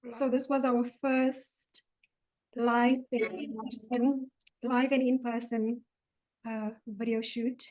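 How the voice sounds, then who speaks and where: Soft-spoken woman co-host. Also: on the high side, little pitch movement, takes it slowly, low-quality recording. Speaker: podcast co-host. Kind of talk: casual recap chat.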